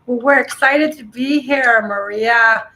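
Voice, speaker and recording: Casting: middle-aged woman guest, friendly explainer, fairly high and bright. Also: slow, low-quality recording. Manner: friendly, explanatory, many ums. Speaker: guest, pet nutrition specialist. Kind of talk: casual interview talk.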